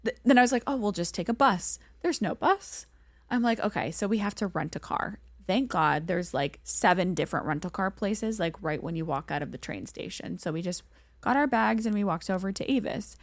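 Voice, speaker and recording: A young woman co-hosting a podcast, telling a travel story in a casual, animated way and acting out the voices in it. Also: medium pitch, brisk, no room sound. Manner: animated, acts out quoted voices, many "like"s. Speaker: podcast co-host.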